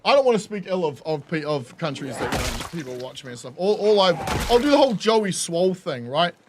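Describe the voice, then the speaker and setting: This New Zealand-accented man is streaming a game and chatting casually, ranting to viewers while he swears and laughs. His brisk voice leans high and swings widely in pitch, and background noise can be heard.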